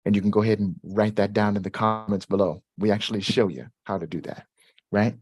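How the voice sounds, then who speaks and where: Man, live Q&A host, animated, repetitive, high jumps in pitch, dry sound. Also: a little fast, slightly rough, dry recording. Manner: animated, repetitive, swoops up high when excited. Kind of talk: live-stream Q&A talk.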